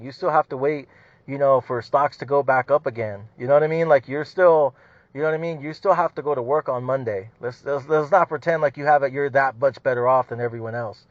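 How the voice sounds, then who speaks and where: A man's voice: mid-range voice, no echo. A man hosting a podcast, ranting casually with heavy swearing, repeated "you know what I mean" and frequent laughter. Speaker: podcast host. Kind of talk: casual profane rant. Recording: dull lo-fi dry sound.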